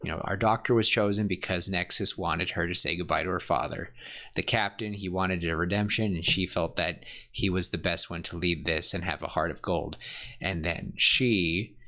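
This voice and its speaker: A man co-hosting a podcast in casual chat, talking in an excited, rambling, gushing way. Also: low voice, normal speed. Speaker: podcast co-host.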